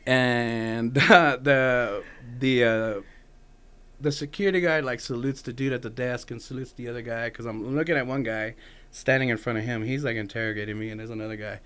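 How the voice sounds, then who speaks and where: A man's voice: mid-range voice, normal speed, fairly bright tone, smooth. Man telling a profane story, full of quotes. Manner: loose, profane anecdotes with lots of "like" and acted-out quotes. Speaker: podcast guest, Marine Corps veteran. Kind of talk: casual storytelling.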